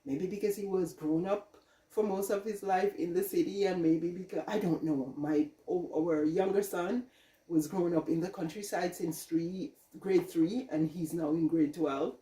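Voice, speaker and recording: A woman's voice: on the low side, fairly even intonation, normal speed, mellow. A middle-aged Jamaican woman vlogging from her home kitchen, chatting casually, rambling and laughing often. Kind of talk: casual chat. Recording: echoey room, mic at a distance.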